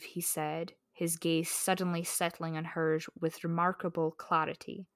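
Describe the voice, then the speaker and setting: Woman, lower voice, casual book chat, filler words, reads passages aloud, dry close sound. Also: fairly even intonation, unhurried, dry recording. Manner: chatty, lots of "like" and "um", reads prose smoothly. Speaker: book podcast co-host.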